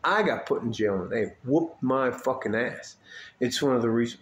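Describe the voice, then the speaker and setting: A man's voice: mid-range voice, expressive, moderate pace, roomy sound, a little hiss or hum. Blunt, profane man in his fifties. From United States. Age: 50s. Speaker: vlogger. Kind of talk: unscripted rant to camera.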